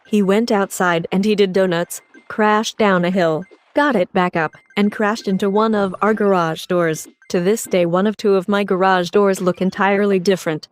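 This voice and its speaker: A woman's voice: mid-range voice, steady tone, normal speed, no echo. A woman plainly retelling a story, with a bit of swearing. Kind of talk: casual storytime.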